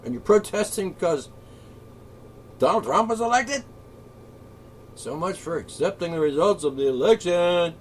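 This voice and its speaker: Guy with a pretty high voice going off on a sweary sarcastic rant, yelling then muttering, bit of hum behind. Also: lively intonation, a little slow, long pauses. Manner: profane, sarcastic, swings between shouting and muttering. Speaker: political commentator. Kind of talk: angry solo rant.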